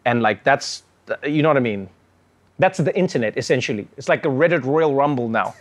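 A man performing stand-up comedy, animated and acting out characters, then hosting his show. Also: mid-range voice, brisk. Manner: animated, acts out characters in shouted bits.

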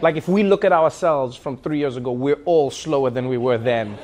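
A man's voice: mid-range voice, moderate pace, some chatter behind. A man hosting a comedy show, giving casual commentary and acting out quotes in voices. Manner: animated, acts out quotes in voices.

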